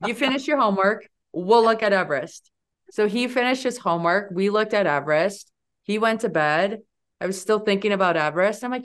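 A woman in her forties talks as a podcast guest. She tells her story casually and with energy. Her pitch jumps high when she quotes her own words. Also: brisk. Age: 40s. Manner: animated, leaps high when quoting herself.

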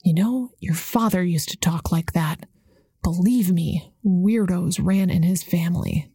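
A woman's voice: on the low side, unhurried, mellow, husky, no room sound, studio quality, exaggerated voice. A woman voicing a stern, fierce mother who speaks in firm, clipped commands.

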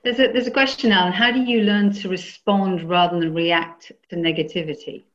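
A woman's voice: lowish voice, steady tone, moderate pace, lo-fi sound. A woman moderating a webinar, putting questions to the speaker.

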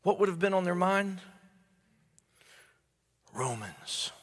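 Male preacher, high bright voice, stammering repeats, sinks to hushed tones, long church reverb. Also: sing-song, slow pace. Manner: stammering restarts, repeats words while building emphasis; drops to low hushed tones for key phrases. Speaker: pastor. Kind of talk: sermon.

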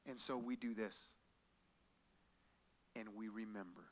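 A man preaching a sermon as pastor, swinging between hushed, quiet passages and loud, forceful ones. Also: on the low side, fairly even intonation, measured pace. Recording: muffled recording in a large echoing hall.

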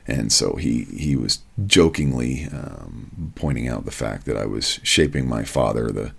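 A man's voice: rumbling low, lively intonation, a little slow, creaky, few pauses, a bit bright, husky. A man hosting his own podcast, talking plainly and casually with a wry, folksy manner. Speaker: podcast host. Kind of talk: casual solo podcast talk.

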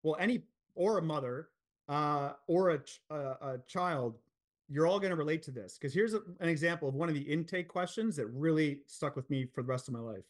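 Speaking with a fairly high pitch and a slightly fast pace, this forties-aged podcast guest recounts his story candidly. He's earnest and blunt, curses freely, and fills his speech with plenty of fillers.

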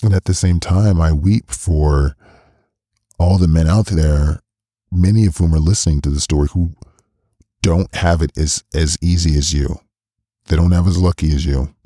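A man hosting a podcast interview, talking warmly and effusively, stumbling over restarts. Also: rumbling low, normal speed, no room sound, studio quality. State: emotional. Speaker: podcast host. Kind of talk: casual interview chat.

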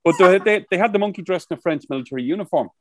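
A man's voice: high-pitched, lively intonation, very fast, no room sound. A man co-hosting a casual podcast chat, telling rambling stories and swearing freely. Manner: rambling storyteller, swears a lot. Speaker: podcast co-host. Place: outdoors by the coast.

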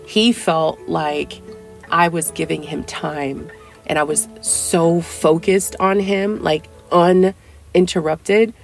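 A young adult woman hosting a casual dating-advice podcast, chatty and playful, acting out little dialogues with big jumps in pitch. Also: steady tone, slow pace, vocal fry, faint music behind. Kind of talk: casual solo podcast talk.

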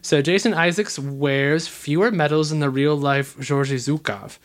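A man's voice: on the high side, normal speed. A man co-hosting a podcast, reading out film facts and then riffing on them loosely in casual chat.

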